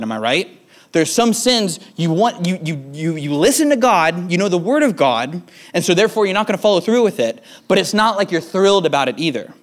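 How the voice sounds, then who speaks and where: Casual young pastor, slightly high voice. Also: male voice. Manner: casual, peppered with "right?" and "man". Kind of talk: conversational sermon.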